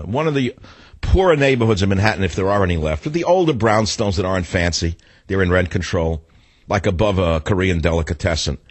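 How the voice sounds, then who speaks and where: A man's voice: fairly low pitch, husky, no echo. An older man hosting a talk radio show, delivering a combative, sarcastic monologue.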